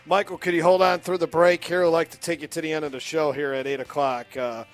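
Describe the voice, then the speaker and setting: Male sports radio host, brisk and chatty, slightly high voice, soft music underneath. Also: little pitch movement.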